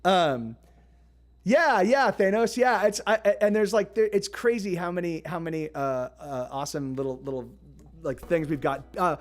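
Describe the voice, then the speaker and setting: A man with a high voice speaking at a moderate pace hosts a live music stream, rambling casually and greeting viewers by name in a friendly way. Guitar music plays in the background.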